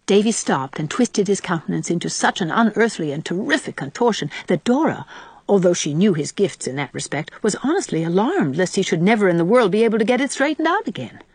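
A woman reading a storybook aloud in an expressive, dramatic way. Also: mid-range voice, brisk, breathy edge, dry recording. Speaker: audiobook narrator. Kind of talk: storybook narration.

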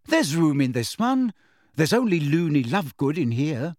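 A man voicing a brisk teenage girl. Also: on the high side, big pitch swings, darkish tone, dry recording, clean studio sound.

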